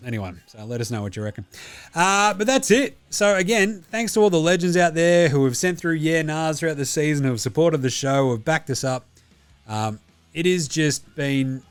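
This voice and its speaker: A man's voice: medium pitch, smooth, no room sound. A man with an Australian accent, hosting a sports podcast and signing off in a casual, matey chat with a fair bit of swearing. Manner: swearing, laid-back and matey. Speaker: podcast host.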